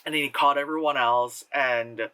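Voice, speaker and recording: Rambling man, bright voice, distant mic. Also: medium pitch, steady tone, normal speed, smooth. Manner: rambling and profane, full of "like" and "you know"; acts out characters' lines in exaggerated voices. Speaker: movie reviewer. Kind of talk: casual spoken movie review.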